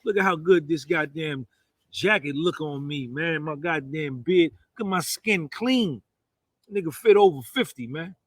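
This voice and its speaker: A man's voice: fairly high pitch, a little slow, no echo. A man in his fifties with a New Jersey accent, delivering a boastful, rambling monologue full of "man" and "you understand". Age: 50s.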